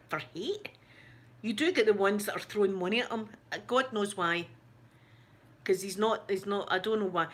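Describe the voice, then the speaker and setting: A Scottish woman chatting casually on a livestream, telling gossipy stories with a lot of laughter. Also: mid-range voice. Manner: animated, gossipy storytelling with lots of laughter. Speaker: ASMR YouTuber answering live chat.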